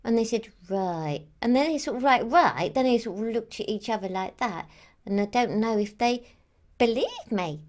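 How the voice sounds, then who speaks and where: A woman's voice: a little high, animated, normal speed, a little mellow, natural voice. A woman playing a childlike female Christmas elf who rambles on with lots of "like" and "um". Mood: rambling. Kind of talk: character monologue to camera.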